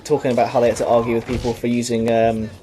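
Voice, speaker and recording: A man's voice: mid-range voice, flat delivery, racing, warm tone, slight background noise. A young man giving rambling, profane, self-mocking commentary while playing a video game. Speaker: let's play commentator.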